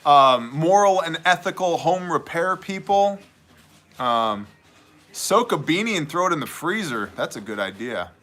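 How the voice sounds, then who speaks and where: A man's voice: on the high side, expressive, unhurried, a bit bright. A man from Wisconsin hosting a casual livestream, joking and laughing often. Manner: joking, laughs often, mock Canadian voices. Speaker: livestream host.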